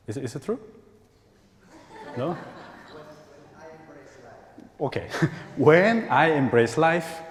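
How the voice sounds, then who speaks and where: A man with a Spanish accent giving an animated inspirational talk at a conference, acting out quoted voices and laughing often. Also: mid-range voice. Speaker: conference speaker. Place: large church hall. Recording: echoey hall with long reverb.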